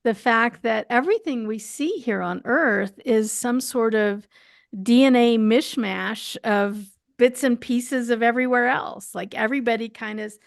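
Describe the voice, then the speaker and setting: A woman's voice: a little high, a little slow, vocal fry. A woman who hosts the show and works as a hypnotherapy practitioner, chatting loosely with fillers. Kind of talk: casual group talk.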